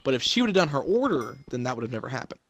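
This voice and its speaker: A man's voice: medium pitch, sing-song, quick pace, husky. A young man in casual chat, telling a heated, swear-filled story about trouble at his job. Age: young adult. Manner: profane, heated venting. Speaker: storyteller venting about work.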